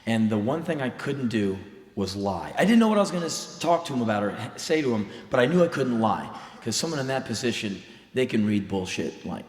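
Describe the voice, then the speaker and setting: An American man in his thirties performs spoken word storytelling on a live stage at a concert venue, delivering it in an intense, blunt, emphatic way. His medium-pitched voice moves fairly quickly with lively intonation. The live hall recording is echoey.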